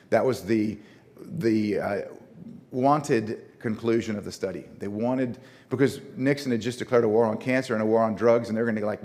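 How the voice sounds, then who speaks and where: A man's voice: mid-range voice, darkish tone. A man with a northern Louisiana accent giving a conversational lecture presentation with slides, often restarting words and asking the audience questions. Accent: Northern Louisiana (Shreveport). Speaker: conference presenter.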